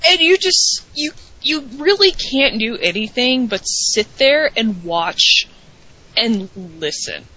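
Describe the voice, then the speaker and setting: A woman's voice: fairly high pitch, expressive, slow pace, sharp tone. A woman co-hosting a show, chatting casually and with enthusiasm, repeating words for emphasis. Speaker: podcast co-host. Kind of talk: casual wrestling recap chat. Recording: dull lo-fi audio.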